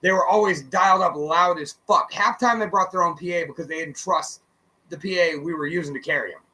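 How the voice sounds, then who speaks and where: A man's voice: on the high side, fairly quick, low-quality recording. A man co-hosting a radio show, telling stories in a casual chat and acting out his friends' lines as he goes. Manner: animated storyteller who acts out friends' lines; swears casually, many fillers.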